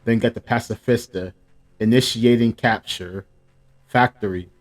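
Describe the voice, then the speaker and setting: A man's voice: lowish voice, normal speed, darkish tone, soft background music. A man hosting a casual live reaction, reading the panels aloud between his own comments. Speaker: manga reaction host.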